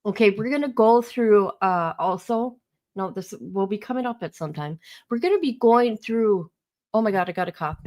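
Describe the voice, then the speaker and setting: A woman's voice: mid-range voice, animated, moderate pace, darkish tone. A woman hosting a casual livestream, ranting heatedly about a court case and greeting viewers by name. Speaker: livestream host.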